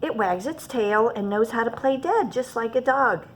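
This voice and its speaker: A woman's voice: on the high side, lively intonation, moderate pace, a little hiss or hum, close to an everyday voice. A woman reading aloud and voicing a male animal shelter keeper who eagerly pushes odd pets. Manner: eager salesman patter.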